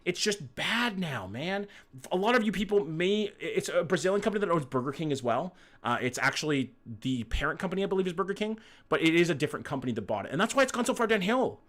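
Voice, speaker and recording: A man's voice: sits high, very animated, fast talker, fairly bright tone. A young Canadian man with a Canadian accent, streaming and chatting casually, blunt and swearing freely while answering his chat.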